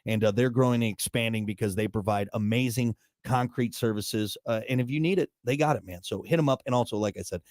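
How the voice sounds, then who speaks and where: A man's voice: lowish voice, quick pace, few pauses, a little mellow, dry recording, studio quality. A man in his thirties hosting a morning radio show, chatting casually with a joking, rambling, self-mocking manner. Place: radio studio.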